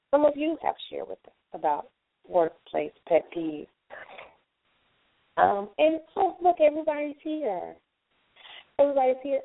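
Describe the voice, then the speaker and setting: A woman hosting a casual evening chat show, talkative and quick to laugh. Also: mid-range voice, creaky. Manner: chatty, laughing often. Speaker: host. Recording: tinny phone-like call audio.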